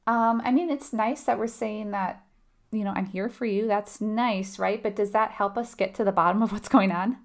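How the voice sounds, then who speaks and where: A woman's voice: medium pitch, normal speed. A woman leading a live nursing exam review lesson, talking conversationally and asking her audience questions. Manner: conversational, asks the audience questions, frequent "right?".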